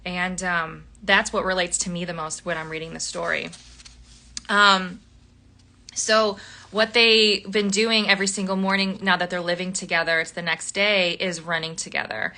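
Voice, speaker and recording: A young woman hosting a live book club, chatting animatedly about a novel, laughing often and filling pauses with ums. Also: lowish voice, flat delivery, sharp tone. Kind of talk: casual book chat on a livestream.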